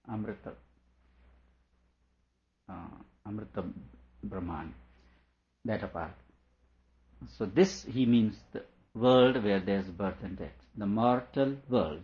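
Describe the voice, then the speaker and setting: A man with a low voice reads a philosophical passage aloud and then unpacks it, chuckling now and then. The recording sounds dull and muffled. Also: slight background noise. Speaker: teacher. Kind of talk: reading and explaining a philosophical text.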